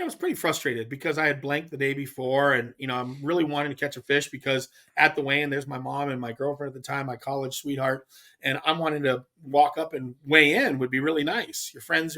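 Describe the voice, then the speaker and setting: A middle-aged man from California, a podcast guest telling a fishing story in a casual, animated way with frequent restarts. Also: fairly high pitch. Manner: animated, acts out others' lines, frequent restarts. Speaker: podcast guest, pro angler.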